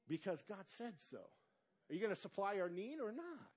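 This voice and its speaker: Man, pastor, sermon, call-and-response, emphatic drawn-out words, high voice, swooping pitch. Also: breathy edge. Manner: animated preaching with call-and-response questions to the congregation.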